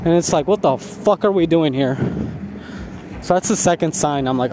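A man venting in a casual storytime rant, swearing heavily and animated. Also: a little high, normal speed, noisy background. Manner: heavy profanity, animated ranting with laughs. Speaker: vlogger.

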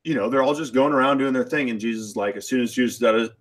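A man's voice: mid-range voice, fast talker. Man explaining, thinking aloud. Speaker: podcast co-host. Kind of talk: casual theology chat.

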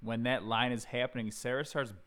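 A man co-hosting a casual podcast, telling stories with animated delivery. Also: mid-range voice, brisk. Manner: animated, storytelling. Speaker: podcast co-host. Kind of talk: casual chat.

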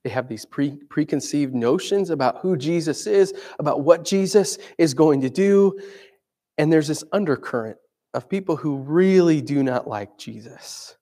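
Preaching man, slightly higher voice. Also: lively intonation, moderate pace, dark tone. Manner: conversational, asks the listeners questions. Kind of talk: sermon.

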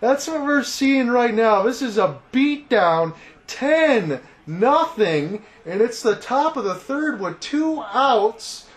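A man with a notably high voice calls baseball play by play on a fan-run broadcast. He breaks each pitch down evenly, then rises into loud, thrilled calls when the ball is hit deep. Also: takes it slowly. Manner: calm analysis that rises to loud excited calls on big hits. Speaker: play-by-play commentator.

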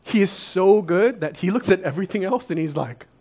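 A young adult man preaching a sermon, earnest and confessional, dropping soft and then rising to emphatic peaks. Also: high-pitched, lively intonation, a little fast.

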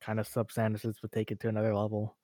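A man's voice: fairly low pitch, monotone, fast talker, dark tone, no echo. A young man in casual chat as a podcast co-host, easygoing and laughing often, with lots of "like".

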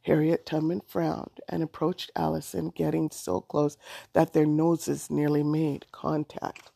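Female storybook narrator, dark gravelly voice. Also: sits low, little pitch movement, a little slow, no room sound, studio quality. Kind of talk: storybook read-aloud.

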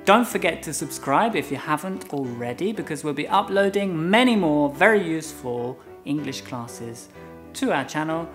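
Man teaching English over soft music. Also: a little high. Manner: explains with playful example scenes. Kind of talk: casual bilingual lesson chat.

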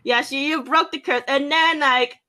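A young woman telling a casual story on a podcast, filling pauses with "like" and acting out her own past lines. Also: high voice, fairly even intonation, sharp tone. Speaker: podcast co-host.

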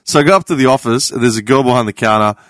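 An Australian man, a podcast panelist, telling a story in casual chat, animated and profane. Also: medium pitch, very fast, no echo. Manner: animated, profane, laughs through his anecdote.

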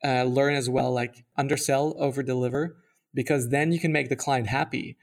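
A young man co-hosts a podcast in casual chat, rambling with plenty of fillers and restarts. His mid-range voice moves at a moderate pace with fairly even intonation.

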